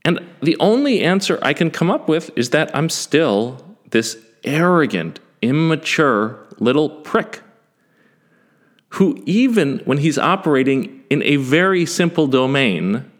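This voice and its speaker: A man in his forties telling a first-person story in a self-deprecating, animated way, with some swearing. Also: fairly high pitch, a little slow. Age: 40s.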